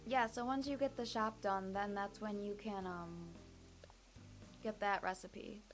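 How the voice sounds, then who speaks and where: A woman's voice: mid-range voice, fairly even intonation, a little slow, soft background music. A young woman casually commenting on her gameplay, chatty and self-deprecating with many fillers, at a desk microphone. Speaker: streamer.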